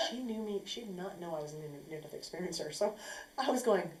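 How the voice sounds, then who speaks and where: A woman telling a personal story casually, acting out what people said in an animated way. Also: lowish voice, fairly quick. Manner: animated, acts out quotes. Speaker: speaker sharing a personal story. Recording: echoey room with faint noise.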